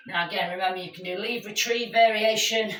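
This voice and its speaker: A woman's voice: mid-range voice, fairly even intonation, brisk, a bit bright. A woman leading a live workout class, chatty and encouraging as she calls out exercises to her group. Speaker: fitness instructor. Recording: echoey room, mic at a distance.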